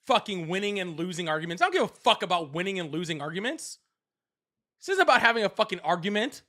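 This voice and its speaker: A man's voice: sits high, big pitch swings, fast talker, sharp tone. A man hosting a live call-in debate stream, angry, profane and berating.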